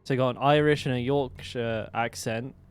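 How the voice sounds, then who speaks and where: A man's voice: medium pitch, steady tone, normal speed, clear, resonant tone. An English man with a West Country accent, chatting casually to his live-stream viewers, rambling and swearing now and then. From England. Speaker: game streamer.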